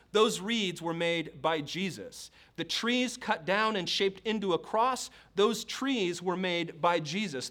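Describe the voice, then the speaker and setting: A man preaching a sermon, emphatic, building to forceful declarations. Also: sits high.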